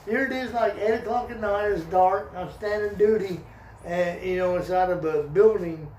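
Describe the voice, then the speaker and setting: A man's voice: sits high, moderate pace, a little mellow, distant mic. An older man from Oklahoma in casual, profane, rambling chat. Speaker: stream host. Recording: echoey room, voice from off mic, faint noise.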